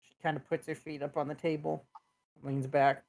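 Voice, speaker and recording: Low-voiced woman running a tabletop game. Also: normal speed, creaky. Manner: relaxed, chatty narration with voiced character quotes. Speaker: dungeon master.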